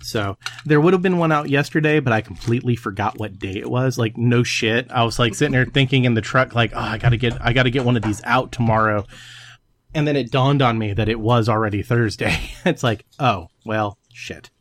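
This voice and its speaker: A man's voice: medium pitch, fairly quick, slight background noise. A man hosting a casual hobby podcast, joking and swearing freely between laughs. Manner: joking, profane, laughs often. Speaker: podcast host.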